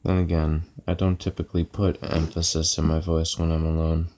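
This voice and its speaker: A tired, yawning man chatting on a casual live stream in a lazy, deadpan monotone. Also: normal speed. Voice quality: monotone delivery. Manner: lazy, low-energy, deadpan. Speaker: livestreamer. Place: at home, lying back comfortably.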